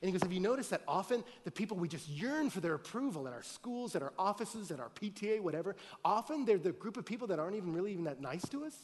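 A man preaching with a fairly high voice, jumping from loud, excited bursts to hushed, earnest asides. His words ring out in a large hall with a long, lingering reverb. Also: fast talker, few pauses, a little hiss or hum. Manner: animated, swings from loud excited bursts to quiet earnest talk. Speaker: pastor. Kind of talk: sermon with storytelling.

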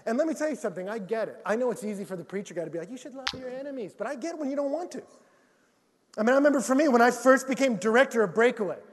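High-voiced male preacher in an echoey hall. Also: racing, a little hiss or hum. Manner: lively storytelling with jokes and acted-out quotes. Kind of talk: sermon.

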